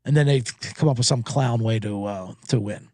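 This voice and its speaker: A man's voice: mid-range voice, moderate pace, dark tone, no echo. A man hosting a sports betting show, recapping games in a rambling, profane, joking way and slipping into mocking voices.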